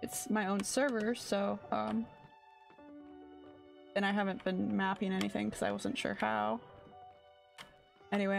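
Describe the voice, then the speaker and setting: A woman game streamer with a creaky, medium-pitched voice chats casually about her gameplay. She sounds sleepy and rambles, often searching for what to say.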